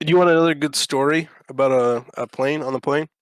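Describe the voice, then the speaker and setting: A man co-hosting a podcast, telling a long anecdote in a casual, profane and animated way, acting out the lines people said. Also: fairly high pitch, a little fast, no echo. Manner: animated, profane, acts out quotes. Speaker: podcast co-host. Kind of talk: casual storytelling chat.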